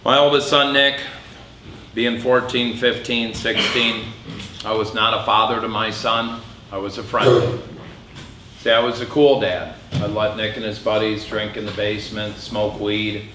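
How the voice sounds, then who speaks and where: A middle-aged man giving a candid personal testimony speech at an event, telling a hard story with flashes of dark humor. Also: on the low side, flat delivery, measured pace, background noise. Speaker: public speaker. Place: event hall. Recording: echoey hall with faint ambience.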